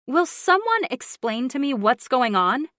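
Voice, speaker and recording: A woman's voice: very animated, measured pace, fairly bright tone, dry recording, studio quality, heavily acted. A woman voicing an anxious young assistant. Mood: indignant. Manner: high, urgent, reassuring.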